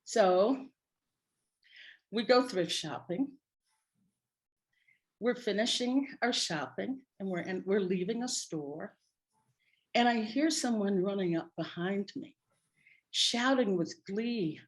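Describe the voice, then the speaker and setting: A middle-aged woman, a spiritual practitioner, telling a personal story to her congregation in an animated, wry way. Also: medium pitch, slow pace, pauses often.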